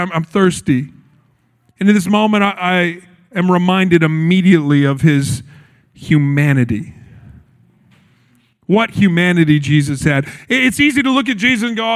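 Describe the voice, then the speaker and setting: High-voiced man preaching with feeling. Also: fairly bright tone. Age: adult, recalls his childhood. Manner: earnest, acts out quotes with shifts in voice. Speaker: pastor. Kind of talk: sermon.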